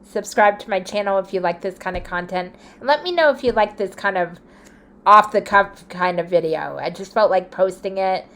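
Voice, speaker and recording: A woman vlogger speaks casually to the camera in a mid-range voice at normal speed. She is chatty and playful, laughing often and drifting into soft asides.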